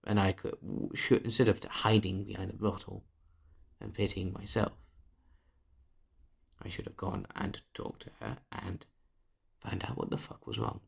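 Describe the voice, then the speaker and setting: Gravelly, husky man confiding. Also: low voice, big pitch swings, unhurried, long pauses. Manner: candid and bitter, swears freely, often drops to a hushed murmur. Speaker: vlogger. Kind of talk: confessional personal vlog monologue.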